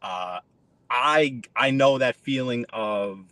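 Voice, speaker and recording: A man's voice: medium pitch, measured pace, a little hiss or hum. Ranting New guy driving. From New York. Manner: animated, ranting, sarcastic. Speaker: live-streaming driver. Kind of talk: live-stream rant while driving. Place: inside a car.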